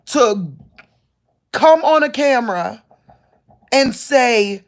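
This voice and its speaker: Slow-talking woman ranting to viewers. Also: on the low side. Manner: rambling, incredulous, repeats herself, restarts often; talks lying down. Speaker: vlogger. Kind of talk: casual late-night rant to viewers.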